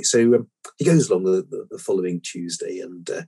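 A man's voice: deep voice, brisk, vocal fry, warm tone, slightly rough. A man co-hosting a vet podcast, telling a long rambling anecdote with many restarts. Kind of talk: casual storytelling.

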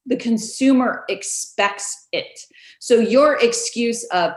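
A woman realtor telling stories in a casual interview, animated and quick to laugh, acting out the voices of others. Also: fairly high pitch. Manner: animated storyteller, acts out quoted voices, laughs often. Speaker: realtor guest. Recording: roomy echo.

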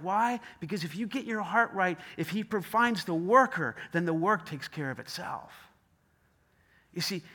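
A man's voice: high-pitched, pushed and bright. A man preaching a sermon in an emphatic, conversational way, often repeating himself. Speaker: pastor.

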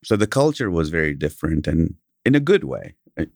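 A man from Kenya with a British accent, a company founder telling stories as a podcast guest, animated and chuckling between anecdotes. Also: extremely low pitch, a little fast, creaky, dry recording, clean studio sound. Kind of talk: casual interview storytelling.

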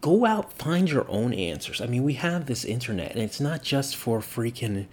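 A man with a middle-pitched voice talks casually through his opinions. He rambles, circling back with fillers and restarts. He is blunt and swears freely. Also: big pitch swings, moderate pace, darkish tone, slight background noise.

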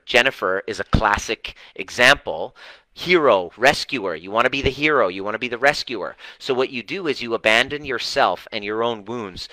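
Blunt, bright-voiced male coach. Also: mid-range voice, no echo, rough recording. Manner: blunt, animated, swears casually. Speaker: relationship and healing coach. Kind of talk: live coaching talk to online viewers.

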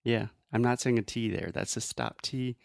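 A man teaching English pronunciation in a relaxed, friendly chat, often demonstrating sounds. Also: mid-range voice, normal speed, creaky, dry recording, studio quality.

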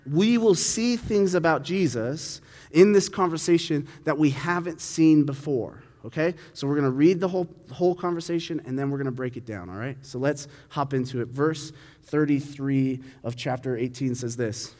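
A man's voice: fairly high pitch, moderate pace, a little mellow, big-room sound. A man preaching a sermon, reading scripture and explaining it in a conversational way, acting out the dialogue. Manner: conversational, acts out dialogue with voices.

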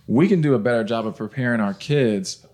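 A man's voice: medium pitch, fairly quick, mellow. A man co-hosting a casual parenting podcast, chatty, laughing often and restarting his sentences. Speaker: podcast co-host. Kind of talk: casual chat.

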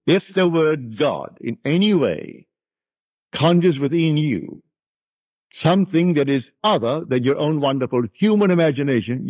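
An older-sounding lecture recording of a man preaching with earnest emphasis. His pitch swings widely from high to low. The tape is tinny and dry, with a husky edge to the voice. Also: no room sound. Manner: earnest, emphatic, rising and falling delivery. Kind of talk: spiritual lecture.

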